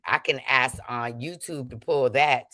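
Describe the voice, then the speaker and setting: A woman's voice: rumbling low, a little slow, bright, forceful tone, no room sound, studio quality. A woman hosting a livestream, calling people out to her chat and switching between anger and preachy talk of prayer and forgiveness. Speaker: livestream host.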